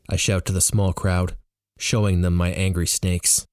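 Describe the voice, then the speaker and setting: A man narrating a novel in the first person with an animated, expressive reading. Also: deep voice, a little slow, smooth, dry recording, studio quality. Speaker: audiobook reader.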